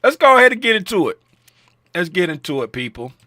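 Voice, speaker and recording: A man hosting a trading livestream in casual chat, joking around and shouting out viewers in chat by name. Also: high-pitched, big pitch swings, fast, no room sound, clean studio sound.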